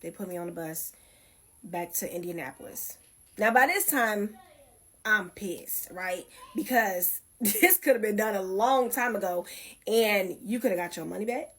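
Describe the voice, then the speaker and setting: A woman's voice: mid-range voice, unhurried, a bit bright, slightly rough. A woman candidly recounting painful personal events, blunt and heated, with frank retelling. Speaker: guest telling her life story.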